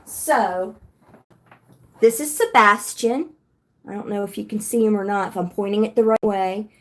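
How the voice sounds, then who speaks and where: A woman's voice: medium pitch, normal speed, a bit bright. A woman hosting a casual livestream, rambling and chatty as she answers comments from her viewers. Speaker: livestream host.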